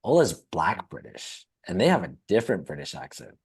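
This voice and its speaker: A man with a low, husky voice banters on a casual podcast. His pitch swoops animatedly as he teases the others and keeps laughing. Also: very animated, a little fast. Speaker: podcast co-host.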